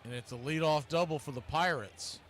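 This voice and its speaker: This baseball play-by-play announcer talks at a normal speed in a voice that's a bit bright, over slight background noise. Between pitches he chats wryly, frequently correcting himself as he calls the live game.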